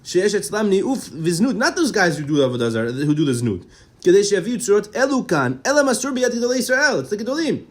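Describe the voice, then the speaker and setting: A man's voice: high voice, sing-song, quick pace. A man teaching a Torah class, reading out Hebrew texts and explaining them. He talks with energy, often repeats words as he goes and keeps asking rhetorical questions.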